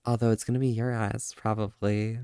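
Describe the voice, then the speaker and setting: A man's voice: on the low side, flat delivery, fairly quick, mellow, clear, resonant tone, dry recording. Playful flirty male streamer, dry sound. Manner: playful and flirty, often laughing, stammers. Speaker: livestream host. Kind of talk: casual live-stream chat.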